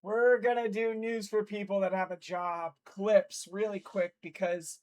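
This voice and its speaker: A drowsy livestream host who sounds like they just woke up, mixing casual chat with viewers and news read-outs. They stumble and restart sentences when they slip. The voice sits at an average pitch and comes through a noise-cancelled streaming mic. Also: fairly even intonation, normal speed, hardly any pauses, a little mellow. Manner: groggy, restarts lines after slips. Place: indoor streaming setup in Los Angeles.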